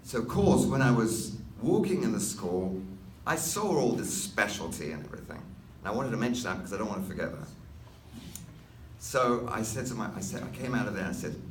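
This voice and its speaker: A man's voice: on the low side, very animated, a little fast, a little hiss or hum. A man in his sixties from North London with an English accent, telling rambling stories to an audience with wry asides. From North London, England. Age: 60s. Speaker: master stylist, speaker. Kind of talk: anecdotal talk to an audience. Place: hall with an audience. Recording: echoey hall, mic at a distance.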